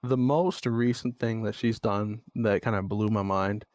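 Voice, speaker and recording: A man's voice: fairly low pitch, fairly even intonation, measured pace, a little mellow, no room sound, clean studio sound. A young man hosting a podcast, talking bluntly and venting about co-parenting, swearing freely and getting exasperated. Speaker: podcast host. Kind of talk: candid monologue.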